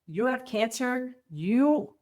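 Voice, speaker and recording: A middle-aged woman, a podcast guest, telling her story candidly in an animated, emphatic way. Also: fairly high pitch, slow pace. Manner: animated, emphatic, acts out quoted people.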